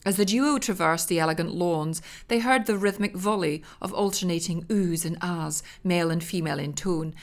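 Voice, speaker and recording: A woman with a fairly low voice narrates a crude comic story. Her delivery is dry and deadpan, even through the most absurd lines. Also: moderate pace, few pauses.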